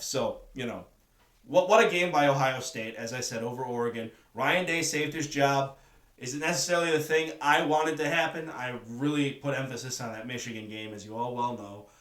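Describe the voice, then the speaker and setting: A man's voice: mid-range voice, fairly bright tone, far from the mic. A man hosting a solo sports talk show, giving opinionated commentary that circles back to the same points. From northern United States. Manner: opinionated, repeats his points. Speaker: sports podcast host. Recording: echoey room, voice away from mic.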